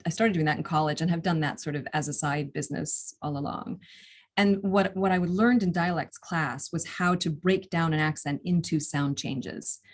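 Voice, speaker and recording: Young American woman, low-pitched, casual and thoughtful interview guest. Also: moderate pace. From United States. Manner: thoughtful, explains step by step with small restarts. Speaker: audiobook narrator and actor.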